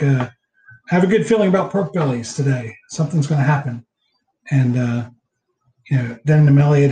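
Male podcast host, halting recap, echoey room. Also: fairly high pitch, dark tone, slight background noise. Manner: halting, heavy filler words. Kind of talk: casual movie recap chat.

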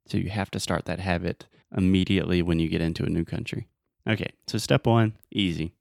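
A man's voice: deep voice, fairly even intonation, brisk, creaky, darkish tone, no room sound, clean studio sound. A man with a Southern American accent, hosting a podcast and giving upbeat, step-by-step advice to learners. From Southern United States. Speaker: podcast host and English teacher. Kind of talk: casual podcast chat.

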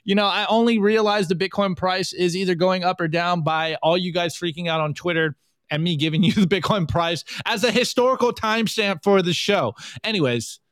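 Male co-host, casual and animated, fairly high crisp voice, dry studio sound. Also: brisk, no room sound. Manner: animated, jokey, puts on voices for quoted memes. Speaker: podcast co-host. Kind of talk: casual meme review chat.

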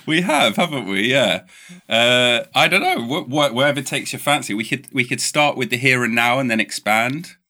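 A young man hosts a podcast in a jokey, teasing way. His voice has a bright, forward edge and a middle pitch. He keeps the chat casual and playful. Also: very animated, moderate pace. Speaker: podcast host.

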